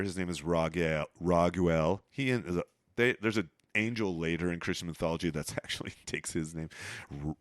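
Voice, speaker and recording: A man hosting a podcast, retelling a story in casual, profane chat and acting out the characters in quick asides. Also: low-pitched, no room sound, clean studio sound. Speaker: podcast host.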